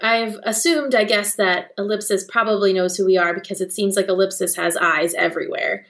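A woman's voice: medium pitch, steady tone, fairly quick, a bit bright. A woman playing a tabletop role-playing game, speaking earnestly and a little anxiously. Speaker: player.

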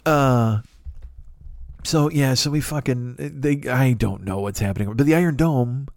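A man's voice: mid-range voice, a little slow, vocal fry, a little mellow, no echo, studio quality. A man hosting a podcast, talking in a rambling, profane, self-mocking comic monologue. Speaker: podcast host.

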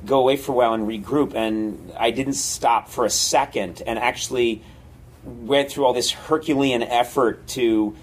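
A man in a relaxed chat, spinning a long story with lots of ums and restarts. He sits at a mid pitch and talks at an easy, wandering pace. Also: moderate pace, slight background noise, rough recording. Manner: rambling, filler-heavy storytelling. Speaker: comedy writer and guest. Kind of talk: casual podcast conversation.

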